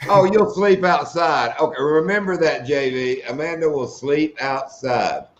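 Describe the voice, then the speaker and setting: Wisecracking man on dull lo-fi audio. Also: a little high. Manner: wisecracking, drawn-out punchlines. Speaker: co-host. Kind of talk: joking live stream chat.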